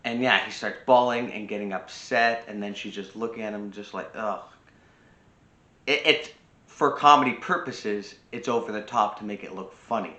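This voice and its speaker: Low-voiced man giving self-help advice. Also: normal speed, sharp tone. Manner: repeats key phrases for emphasis. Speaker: personal growth channel host. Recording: roomy, slightly dull sound.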